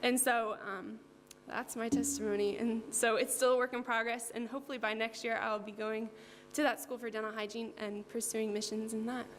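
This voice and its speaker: A young woman from New Jersey speaks an earnest, heartfelt church testimony in a fairly high voice, peppered with ums and likes. Her voice rings with long reverb through a church hall, over a faint hum. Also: little pitch movement, fairly quick, few pauses. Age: young adult. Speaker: church member giving a testimony.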